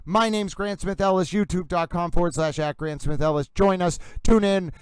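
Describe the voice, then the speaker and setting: A man's voice: high-pitched, steady tone, moderate pace, clear, resonant tone, dry recording, poor audio. Guy hosting a stream, hammy race-announcer patter, dry close sound. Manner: mock horse-racing announcer delivery, theatrical. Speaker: livestream host. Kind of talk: comedic trial livestream commentary.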